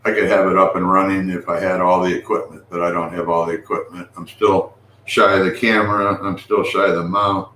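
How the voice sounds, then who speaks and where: A man's voice: low voice, level tone, a little fast, bright, forceful tone. A man hosting a casual live stream, rambling with restarts and calling out to viewers. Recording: echoey room with faint noise.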